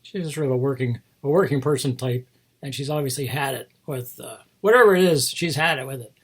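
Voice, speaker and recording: A man's voice: medium pitch, fairly quick, slightly rough. A man hosting a casual chat about toy figures, rambling into asides and chuckling often. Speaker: host showing toy figures.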